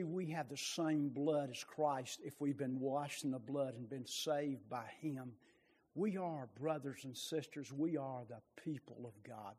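A man preaching a sermon with passion, rising to loud bursts and dropping to quiet, low asides. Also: slightly rough, long reverb tail.

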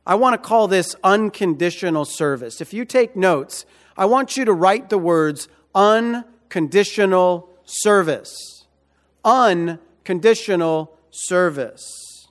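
Male pastor, sermon, high voice, slow delivery, repeats key phrases. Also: expressive. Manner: repeats key phrases, emphatic rhetorical questions.

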